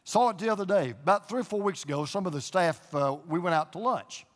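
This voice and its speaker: A man's voice: sits high, lively intonation, a little fast, in a large hall. An older man preaching a sermon as pastor, a folksy storyteller who drives points home with emphatic repetition, speaking in a church auditorium to an audience there and online.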